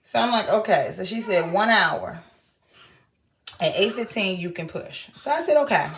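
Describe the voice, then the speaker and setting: Animated young woman telling a story. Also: mid-range voice, normal speed. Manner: animated retelling, acting out quoted voices. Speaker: vlogger. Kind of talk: casual storytelling vlog.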